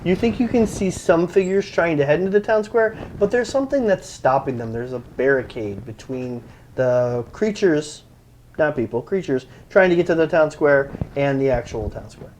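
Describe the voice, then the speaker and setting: A man with a slightly high voice guides his players through a tabletop adventure. He narrates in a loose, halting way, full of fillers, and breaks into laughter often. A faint hum of the room sits under his voice. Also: animated, darkish tone. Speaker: dungeon master.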